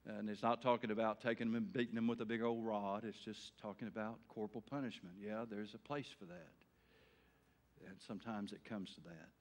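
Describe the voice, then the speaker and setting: A middle-aged male pastor preaching an evening sermon in a folksy way, swinging between loud emphatic bursts and quiet earnest talk. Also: on the low side, steady tone, a little fast.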